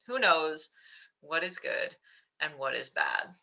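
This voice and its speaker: A woman voicing a calm, unbothered male village farmer in a told story, speaking evenly. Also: deep voice, slow pace, gravelly, pitched below the performer's own voice, exaggerated voice. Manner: even, unruffled.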